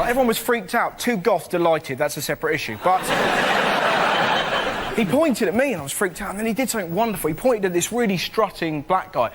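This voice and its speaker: A young English man, a comedian on a panel show, telling cheeky stand-up stories to a studio audience and jumping into loud character voices. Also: sits high, moderate pace, background noise. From England. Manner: cheeky, animated storytelling, jumps into shouted voices. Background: big laughing studio audience.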